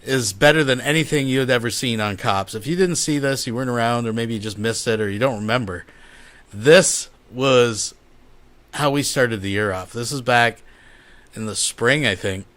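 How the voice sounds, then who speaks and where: A man's voice: medium pitch, moderate pace, a bit bright. A man hosting a commentary show, talking folksily to his viewers. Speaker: show host. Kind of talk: casual commentary.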